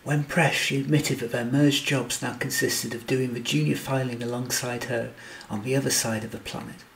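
Gravelly male storyteller. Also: mid-range voice, normal speed, slight background noise, rough recording. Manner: steady storytelling read. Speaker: audiobook narrator. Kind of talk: scripted narration.

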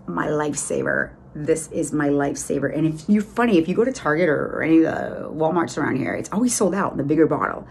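A woman's voice: low-pitched, expressive, fairly quick, creaky, darkish tone, slight background noise. A middle-aged woman with a Boston accent, chatting enthusiastically through a casual makeup tutorial with lots of fillers. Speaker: beauty vlogger.

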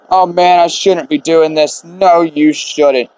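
Slow, laid-back male gamer. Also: on the high side, steady tone, a little mellow, smooth, no room sound. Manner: laid-back, muttering to himself. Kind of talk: let's play commentary.

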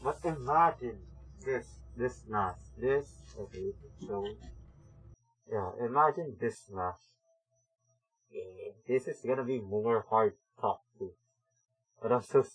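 A man streaming a game, chatting casually with viewers, excitable with sudden yelps, his voice slightly muffled by a mask. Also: medium pitch, slightly rough. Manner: excitable, greets chat viewers by name, bursts of yelps. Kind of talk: casual live-stream chat while gaming.

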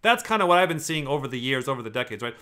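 A man's voice: mid-range voice, sing-song, racing, pushed and bright. A man hosting a casual commentary, rambling and swearing freely as he talks. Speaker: host.

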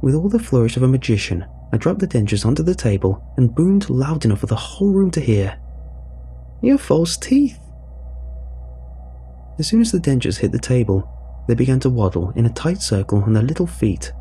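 A man narrating a scripted horror story in a measured, wry way. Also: medium pitch, sing-song, dark tone, slight background noise.

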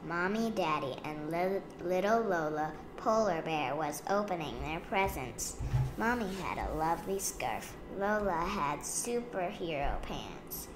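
Woman, children's storybook reader, slow, gentle, low voice, echoey home room, background hiss. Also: expressive. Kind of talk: children's storybook read-aloud. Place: home room beside a window.

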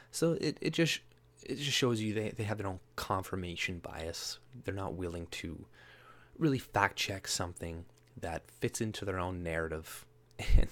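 A man giving casual, rambling commentary, often laughing and mocking, who jumps into a higher voice to mimic people he disagrees with. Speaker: political commentary vlogger.

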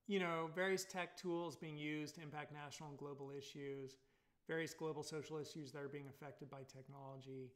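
A man with a Californian accent giving a casual recorded college lecture, rambling with many fillers and tag questions. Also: mid-range voice. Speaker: college instructor.

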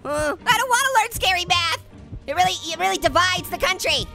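A hyper male cartoon orange, with an extremely high, squeaky voice that bounces all over the place. His tone is bright and sharp, and he cracks puns and giggles at his own jokes. He chatters through a video game as comedic commentary. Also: expressive, brisk, gravelly, soft background music, exaggerated voice. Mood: giggly hyper. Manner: giggly, punning, jokey. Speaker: let's play host.

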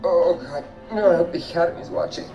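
An actor playing a flippant mercenary with a mock-dramatic manner. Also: male voice, high-pitched, fast talker, far from the mic, dull audio, lightly acted. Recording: film audio in an echoey cinema, crowd and music.

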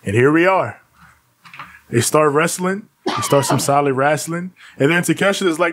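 A man co-hosts a casual wrestling podcast, recapping a show and acting out the wrestlers' lines while laughing a lot. His voice is a little high and a bit bright, at a moderate pace.

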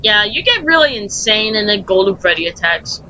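A man's voice: high-pitched, big pitch swings, moderate pace, pushed and bright, dull audio. A young man chatting casually and rambling while playing a game with a friend. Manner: chatty, rambling, laughing often. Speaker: gaming channel host. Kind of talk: casual gaming chat with a friend. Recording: noisy home recording.

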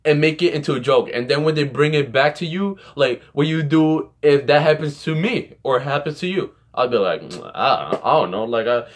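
A young man rambling through casual vlog tips with animated storytelling. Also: fairly high pitch, normal speed, few pauses. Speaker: YouTuber giving comedy tips.

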